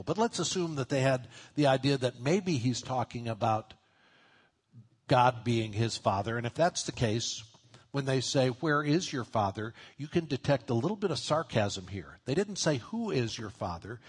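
A man's voice: mid-range voice, husky. A man preaching a sermon in a conversational way, acting out quoted voices as he teaches. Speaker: pastor.

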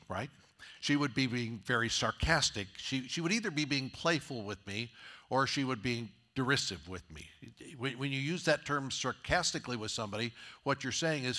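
Bright-voiced man preaching a sermon. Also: medium pitch, animated, normal speed. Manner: conversational preaching with rhetorical questions. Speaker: pastor.

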